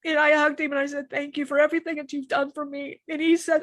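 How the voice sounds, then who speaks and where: A woman's voice: high voice, level tone, fast, fairly bright tone, dry recording. A woman co-hosting a live stream, sharing personal struggles in a rambling, emotional way, often restarting sentences and swearing casually. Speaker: channeler co-host.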